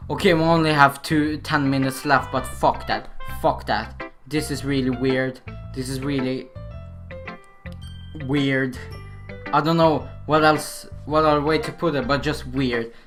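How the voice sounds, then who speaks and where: A man doing gaming commentary, reacting with loud, exasperated, swearing outbursts. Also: mid-range voice, steady tone, unhurried, soft background music. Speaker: let's play gamer.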